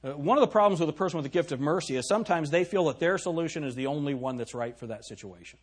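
A man's voice: a little high, expressive, very fast, breathy edge. A middle-aged man preaching a sermon in a church, throwing rhetorical questions at the congregation. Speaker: pastor.

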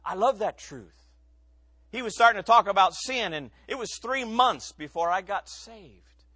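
A man preaching a sermon, telling his own testimony in an earnest, emotional way that rises into loud emphasis and drops to near quiet. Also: sits high, animated, measured pace, no room sound. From Ohio.

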